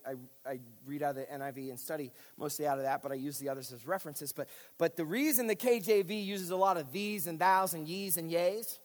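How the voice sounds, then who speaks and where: Male pastor, high pitch, explaining patiently, lingering reverb around him. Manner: explanatory, speaks directly to listeners with frequent checks. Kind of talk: teaching sermon.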